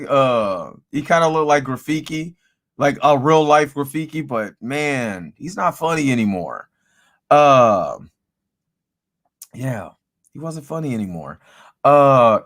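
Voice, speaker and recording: Rambling man giving a casual movie review. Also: fairly high pitch. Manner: rambling, animated, repeats himself, many fillers.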